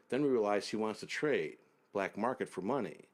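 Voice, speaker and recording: Speaking as a guest in an interview, this man relates a lengthy, detailed journey story without rushing, animated throughout, though his voice often drops away at the ends.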